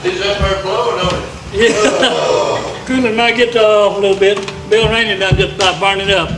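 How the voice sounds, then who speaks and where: A man's voice: high voice, moderate pace, echoey room, poor audio. A man bantering casually in joking asides.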